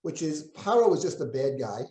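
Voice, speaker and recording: This man's voice is dark and sing-song, at a normal speed, as he teaches a Bible class in the role of a rabbi. After reading each Hebrew verse aloud he translates it and adds commentary, changing pitch to perform the quoted speakers. The close-reading lecture was captured in a room with noticeable echo.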